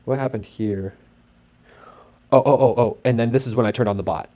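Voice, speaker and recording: A man narrating casually over his screen as host, talking in an excitable, rambling way with lots of fillers. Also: mid-range voice, brisk. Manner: acts out sound effects and his own thoughts.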